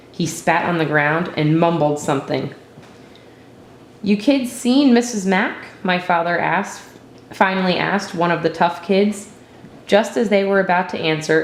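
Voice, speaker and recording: Low-voiced woman reading a story aloud. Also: echoey room, slight background noise. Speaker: narrator.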